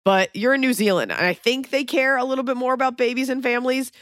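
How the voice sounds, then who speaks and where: A woman's voice: on the high side, fast talker, hardly any pauses, a bit bright, no echo, clean studio sound. A woman hosting an advice podcast, talking bluntly and swearing freely as she fires off questions in casual chat. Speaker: podcast host giving advice.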